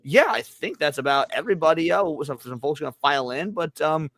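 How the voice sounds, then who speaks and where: A man's voice: fairly high pitch, lively intonation, fairly quick, fairly bright tone, no room sound. A man hosting a casual livestream podcast, joking loosely and greeting chat viewers by name. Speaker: podcast host.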